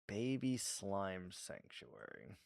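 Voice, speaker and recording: A man's voice: low-pitched, huge pitch swings, takes it slowly, gravelly, background noise. A man streaming live and chatting casually with his viewers, laughing often and stammering through his reactions.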